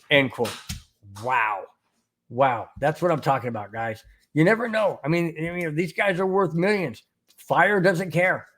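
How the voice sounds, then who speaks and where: A middle-aged man hosting a sports podcast, talking casually with many repeats and restarts while greeting viewers in the chat. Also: fairly high pitch. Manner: rambling, repeats words, reads chat aloud. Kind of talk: casual live-stream talk.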